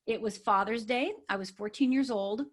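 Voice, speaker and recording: A woman's voice: a little high, moderate pace. A woman from Upper Michigan, a life coach guest on a podcast, telling a personal story in an earnest, emphatic way and often checking in with "right?". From Upper Michigan, USA.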